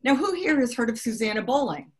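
A woman's voice: a little high, very animated, fast talker. Woman from Boston, live storytelling talk, chatty, hesitant, lots of ums. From Boston, United States. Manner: conversational, with frequent ums and restarts. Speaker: speaker telling a history story.

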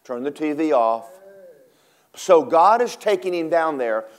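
A male preacher delivers his sermon with a very animated, wide-ranging pitch. He drops to low murmurs, then leaps into high, dramatic cries. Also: measured pace.

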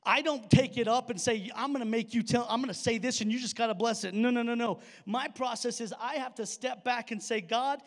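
A high-pitched man delivers a sermon as a pastor, talking to his congregation in a loose, conversational way. He leans on rhetorical questions and quick asides. His voice trails off into the long reverb of a big church hall. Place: church auditorium stage.

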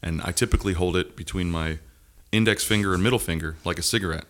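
Fast-talking deep-voiced man, crude banter. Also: fairly bright tone. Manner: rapid, crude, laughing storyteller. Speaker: podcast co-host.

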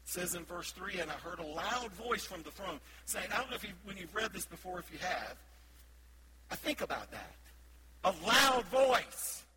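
A male pastor in his thirties preaching with a high, bright voice, rising to loud emphatic bursts and dropping into quiet asides. Steady hum and noise sit under the recording. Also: brisk. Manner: admits he speaks loudly most of the time. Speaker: associate pastor. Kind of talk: sermon.

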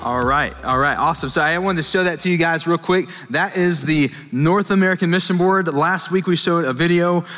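A man's voice: on the high side, fairly quick, few pauses, a bit bright, soft background music. A man, preaching a casual sermon to a young adult group and joking about himself with the crowd. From Texas. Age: 20s. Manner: joking, self-deprecating, talks to the crowd. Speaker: young adult ministry pastor. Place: church meeting hall. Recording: reverberant hall.

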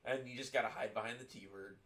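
A man chatting casually about a movie, swearing freely, laughing and shouting out lines from the scenes. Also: medium pitch, fairly even intonation, brisk. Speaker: podcast co-host. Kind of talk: casual movie review chat.

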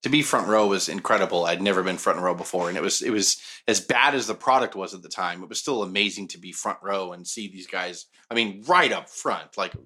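A man's voice: low-pitched, fairly quick, few pauses, pushed and bright. A middle-aged man casually telling a long story as podcast co-host, profane and sardonic, with mocking voice impressions.

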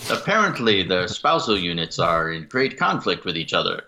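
A man's voice: low voice, wildly swooping pitch, a little slow, sharp tone, slight background noise. A man co-hosting a podcast in casual chat, joking and riffing with frequent laughs. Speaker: podcast co-host.

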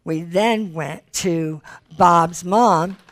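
Low-voiced woman sharing a testimony. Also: very slow. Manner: animated storytelling, acting out quoted dialogue. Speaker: speaker giving a teaching. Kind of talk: personal testimony in a teaching.

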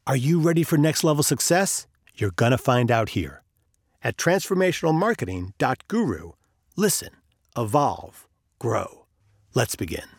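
A man's voice: mid-range voice, sing-song, moderate pace, breathy edge, dry recording, studio quality. A man hosting a podcast, telling a story and acting out the characters' lines. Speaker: podcast host.

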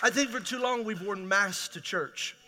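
A man's voice: high-pitched, moderate pace, background noise. A man preaching a conversational, emphatic sermon as pastor in a large church hall.

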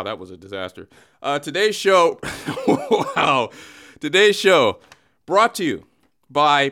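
A man hosts a comedic sports show in a bright, clear voice that swings widely in pitch. He is loose and self-mocking, and keeps cracking up as he reads his news bits. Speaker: podcast host and news reader.

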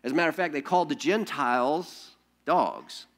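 Preaching as a pastor, a man with a slightly high voice gives a sermon full of lively storytelling. He scatters rhetorical questions throughout and often restarts his sentences.

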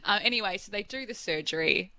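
A woman's voice: medium pitch, fast, bright, forceful tone. A woman, a podcast co-host telling a personal story in casual chat and acting out what others said. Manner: candid storytelling, acts out quoted voices.

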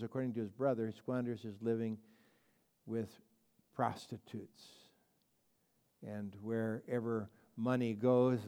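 A man leads a Bible class with a warm, mellow tone. He talks in a chatty, emphatic way, circling back and restarting his sentences as he teaches. His pitch sits in an ordinary middle range. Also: smooth. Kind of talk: conversational Bible study lecture.

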